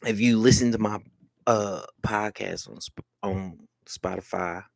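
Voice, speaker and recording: A man's voice: on the low side, steady tone, unhurried, creaky, no echo. A young man hosting his own live stream, talking loosely and joking with plenty of swearing. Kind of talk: casual livestream talk. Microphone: headphones with mic.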